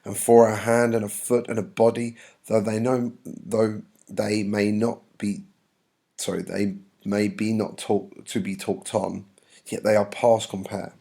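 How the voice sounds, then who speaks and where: A man's voice: lowish voice, level tone, measured pace, gravelly, mellow. A man reading the lines of a weary older woman servant, complaining and drawn out. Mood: grumbling.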